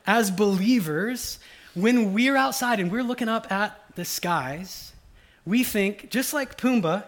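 Middle-aged pastor, relaxed conversational preaching, high-pitched. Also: male voice, takes it slowly. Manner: casual, conversational preaching with many asides; acts out voices of the people in his stories. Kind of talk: sermon.

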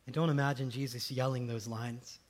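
A male pastor preaching a conversational sermon, swinging between loud emphatic lines and soft hushed ones. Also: medium pitch, level tone, brisk.

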